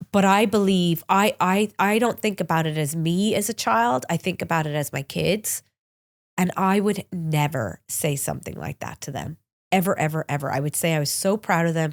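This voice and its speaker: A woman hosts a podcast in a slightly low, easygoing voice. She tells personal stories in a candid, chatty way, full of "like" and restarts. She sounds a bit congested and sniffly. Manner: chatty, open, with frequent "like" and restarts. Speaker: podcast host.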